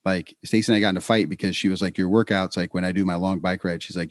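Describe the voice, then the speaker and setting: A man with a somewhat low voice tells stories in casual podcast chat, often restarting his sentences. The sound is dry and close to the mic. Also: dry recording. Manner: storytelling, animated, quick restarts. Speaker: podcast co-host.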